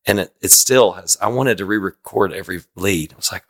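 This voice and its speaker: Bright-voiced man in his fifties. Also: low-pitched. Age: 50s. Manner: rambling storyteller with quick asides. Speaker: podcast guest, worship singer. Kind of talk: casual conversation.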